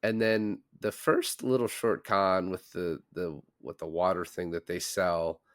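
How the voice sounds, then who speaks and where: Deep-voiced man recapping a movie. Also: a little slow, dry recording, studio quality. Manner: relaxed, rambling recaps with "like". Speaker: podcast co-host. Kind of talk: casual chat.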